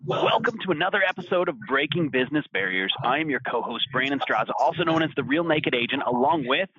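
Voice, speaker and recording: Dude hosting a business podcast, peppy intro voice, kinda muffled audio. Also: male voice, a little high, expressive, quick pace, sharp tone. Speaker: podcast co-host. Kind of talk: upbeat show hosting. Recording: dull lo-fi sound.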